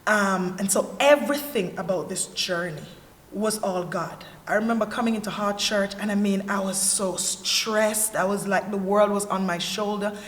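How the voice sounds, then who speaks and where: A woman's voice: medium pitch, moderate pace. A woman with a Jamaican accent giving a candid, earnest personal testimony as a panelist. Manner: earnest storyteller, candid and animated. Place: church hall. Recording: echoey hall with faint ambience.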